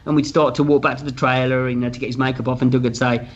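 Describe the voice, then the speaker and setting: A man in a candid interview, animated and unfiltered, slipping into other people's lines as he tells behind-the-scenes stories. His voice sits in an ordinary middle register. The audio is a little dull and lo-fi, with faint music underneath. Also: medium pitch, fast. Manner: animated, acts out quoted dialogue, swears freely. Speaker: film writer-director being interviewed.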